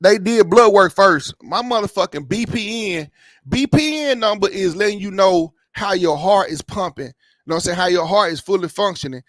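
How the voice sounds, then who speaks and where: High-voiced man in his thirties, profane and rambling. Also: lively intonation, normal speed, a bit bright, no echo, studio quality. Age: 30s. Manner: rambling, profane storytelling, keeps asking "you know what I'm saying". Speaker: YouTube reaction channel host. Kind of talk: casual personal health update.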